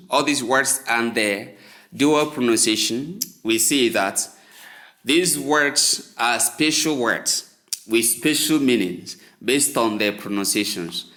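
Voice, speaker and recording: Slow, deliberate male pronunciation teacher. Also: medium pitch, bright, forceful tone. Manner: slow, deliberate, spells words letter by letter. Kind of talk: spoken English lesson.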